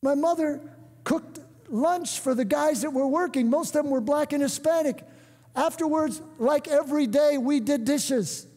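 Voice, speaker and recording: An older man preaching a sermon, emphatic, breaking into shouts and calling on the congregation to answer. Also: extremely high pitch, normal speed. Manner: emphatic, bursts into shouts and calls for response. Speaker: guest preacher. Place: church sanctuary. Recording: echoey church hall.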